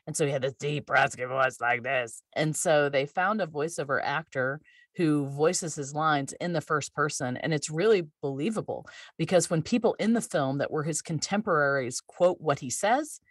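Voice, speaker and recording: Low-voiced woman podcast co-host. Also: normal speed, breathy edge, dry recording, studio quality. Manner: enthusiastic, thoughtful, with frequent fillers. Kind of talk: casual podcast chat.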